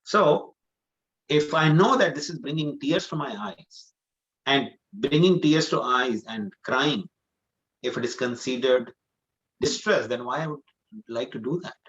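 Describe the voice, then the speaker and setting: A man's voice: mid-range voice, lively intonation, measured pace, fairly bright tone. Earnest man teaching, dull lo-fi sound. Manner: earnest, repeats points, many "you know" fillers. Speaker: spiritual teacher. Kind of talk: scripture class answer.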